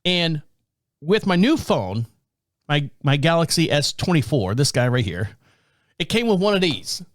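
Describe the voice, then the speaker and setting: A man's voice: on the high side, measured pace, no echo. Guy hosting a podcast, chatty story mode, voice jumps all over, laughs a lot, dry close mic. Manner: animated, laughs often, acts out quoted voices. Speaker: podcast host. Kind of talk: casual storytelling.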